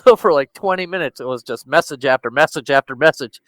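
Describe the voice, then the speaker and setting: A man co-hosting a podcast, telling a story in a casual chat with lively, animated delivery. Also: fast talker, no echo. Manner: animated storyteller, mimics with high squeaky blah-blahs. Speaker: podcast co-host.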